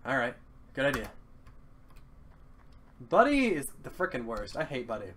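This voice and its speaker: A young man giving casual, excitable commentary over his gameplay. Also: medium pitch, normal speed, pauses often, a little hiss or hum. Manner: excitable, swears and yelps at the game. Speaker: let's play gamer.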